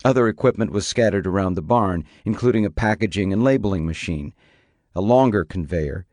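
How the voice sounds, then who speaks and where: A man narrating an audiobook in a measured, even reading voice. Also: fairly low pitch, no echo, studio quality.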